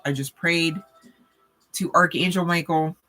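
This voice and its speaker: Woman tarot reader, bright forward tone, rambling chatty delivery full of check-ins. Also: on the low side, fairly even intonation, a little slow, faint music behind. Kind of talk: casual spiritual reading talk.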